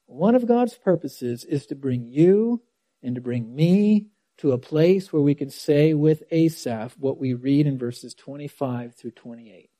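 A man's voice: fairly high pitch, warm tone, no echo. A man preaching a sermon, reading scripture aloud and stressing key words, sometimes dropping almost to a whisper. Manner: dramatic quoting of scripture.

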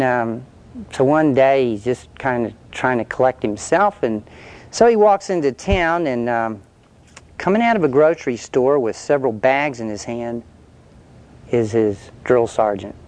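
A man's voice: medium pitch, darkish tone. A male preacher telling an illustration story in a conversational sermon, then leading a prayer.

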